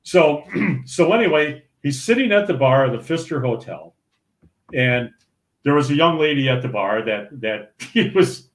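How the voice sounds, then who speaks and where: An older man from St. Paul, Minnesota, a former pro bowler guesting on a podcast, tells an animated, casual story full of laughs and restarts. His medium-pitched voice keeps a measured pace, and the recording has a roomy echo.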